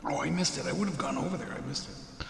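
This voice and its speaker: A man's voice: fairly high pitch, quick pace, gravelly. A man chatting casually as a guest on a live stream, easygoing and repeating his words. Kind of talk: casual chat. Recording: echoey room with crowd noise.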